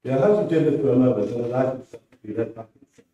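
A man, a writer, reading his prose aloud in a steady, measured way at a presentation. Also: mid-range voice, highs cut off. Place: presentation room. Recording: roomy hall from far off.

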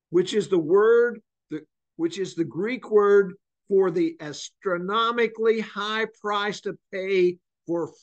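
A man's voice: high voice, muffled recording. A man leading a church Bible study class. He teaches earnestly, stretching words and repeating them for emphasis.

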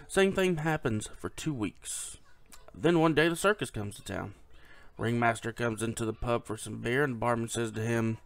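A man's voice: mid-range voice, normal speed, fairly bright tone. A tired man short on sleep, telling a long joke in a laid-back, rambling way. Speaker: joke teller.

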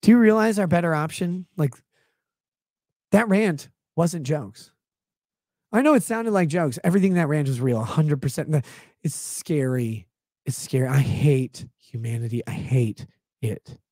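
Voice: mid-range voice, lively intonation, unhurried, darkish tone, no room sound. Sarcastic, swearing livestream ranter, dry sound. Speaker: livestream commentator. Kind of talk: profane comedic rant.

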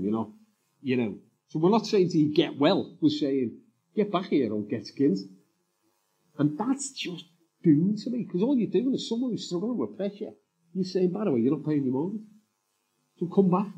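On a live summit stage in front of an audience, a writer who used to be a police officer gives a guest interview, telling candid, rambling stories peppered with "you know." His voice is fairly high, mellow and a bit breathy, and the high frequencies sound cut off.

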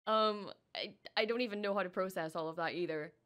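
A woman reacting to a show as she watches, excitable and swearing freely, with laughs and gasps. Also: medium pitch, brisk. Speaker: reaction streamer. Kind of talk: live reaction commentary.

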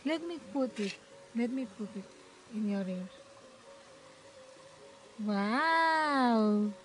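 A woman's voice: a little high, lively intonation, moderate pace, mellow, faint music behind, low-quality recording. A woman filming her baby at home, coaxing her in a sing-song way. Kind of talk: casual family home video.

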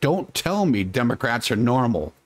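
Guy doing a political livestream, sarcastic and rambly, cusses a lot, mid-pitched voice, dead dry mic. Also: very animated, moderate pace, dry recording. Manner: rambling, sarcastic, mutters while working the computer, swears. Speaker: political commentary streamer. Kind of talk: casual live-stream commentary.

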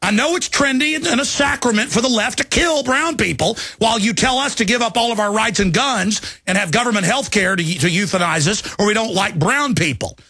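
A heated man holds forth on his talk show, his voice gravelly and sharp-edged. His pitch sits somewhat high for a man. He rants in an agitated way and keeps building. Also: fairly quick, hardly any pauses, dry recording, studio quality. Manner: agitated, ranting, mimics people in shouted voices. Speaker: radio talk show host. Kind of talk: heated political rant.

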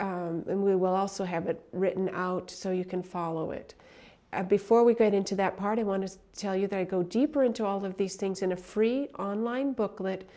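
A middle-aged woman directing a prayer ministry, gently and earnestly explaining and leading a spiritual affirmation. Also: mid-range voice.

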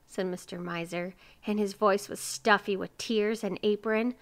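A woman reading a children's picture book aloud with gentle, expressive storytelling. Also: mid-range voice, normal speed, few pauses.

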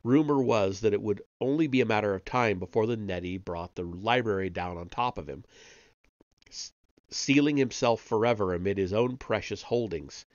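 A man reading a novel aloud on a live stream, steady with small slips and self-corrections. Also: on the low side, moderate pace, no echo, lo-fi sound. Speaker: audiobook reader on a live stream.

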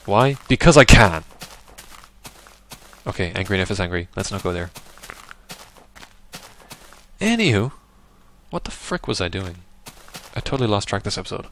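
Man, casual game commentary, somewhat low voice, faint hiss on the desk mic. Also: very animated, normal speed, pauses often. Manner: chatty, rambling, bursts into loud yelps at the game. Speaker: gaming video host. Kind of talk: casual let's-play commentary.

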